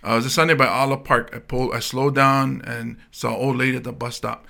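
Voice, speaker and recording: A man's voice: medium pitch, fast talker, gravelly. A man in his thirties from Hawaii with a light Pidgin-tinged accent, telling stories in a casual podcast chat and acting out the voices of the people in them. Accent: Hawaiian Pidgin-tinged English. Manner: animated storyteller acting out quoted voices. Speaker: comedian guest.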